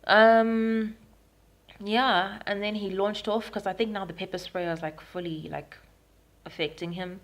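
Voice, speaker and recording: A woman's voice: mid-range voice, steady tone, normal speed. A young Zimbabwean woman recording a personal video diary at home, retelling events frankly with frequent ums. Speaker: vlogger. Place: at home in Harare.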